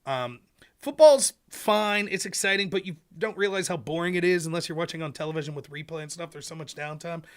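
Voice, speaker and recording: A man from rural Pennsylvania hosting a political livestream, sarcastic and animated, rambling through his commentary. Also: fairly high pitch, brisk. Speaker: livestream host.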